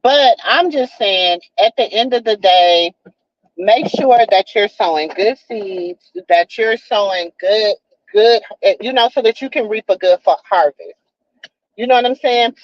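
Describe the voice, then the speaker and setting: A woman's voice: mid-range voice, a little slow, no room sound. A woman hosting a live stream, chatting in a folksy, preachy way and calling her viewers baby and child. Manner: folksy, calls viewers baby and child, repeats "you know what I'm saying". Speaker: livestream host. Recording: dull, lo-fi live stream audio.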